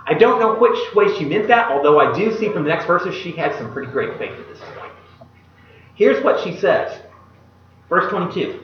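A male pastor giving a sermon and reading scripture aloud. He acts out the quoted speech in a casual modern voice and drops to a hushed voice at solemn moments. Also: a little high, animated, normal speed, slight background noise. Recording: echoey hall, distant mic, dull sound.

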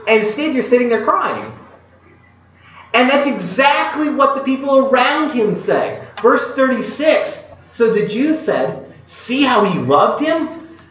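A male pastor giving a sermon and reading scripture aloud. He acts out the quoted speech in a casual modern voice and drops to a hushed voice at solemn moments. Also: very high-pitched, sing-song, slow pace, a little hiss or hum. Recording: echoey hall, distant mic, dull sound.

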